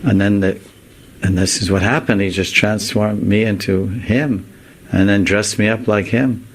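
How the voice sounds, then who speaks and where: A man's voice: lowish voice, fairly even intonation, a little slow. A man doing a playful young god faking innocence. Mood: coy. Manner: coy, mock-innocent.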